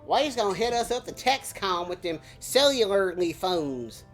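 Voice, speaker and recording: A boastful hillbilly country gal with a thick, exaggerated rural Southern twang, as a woman hams it up. She drawls and brags in a folksy way, pitched up above her usual low voice. Faint music plays underneath. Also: big pitch swings, moderate pace, lightly acted. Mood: joking.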